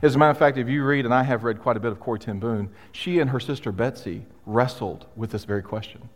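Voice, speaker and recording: A male pastor preaching a sermon in a conversational, emphatic way, with pauses for weight. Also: medium pitch. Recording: long hall reverb.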